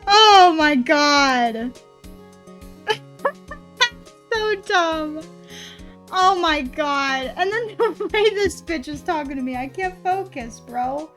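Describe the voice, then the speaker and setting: A young adult woman streaming a game, chatting casually and excitably to her chat, swearing and laughing often. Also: very high voice, extremely slow, long pauses, soft background music. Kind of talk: casual live-stream commentary.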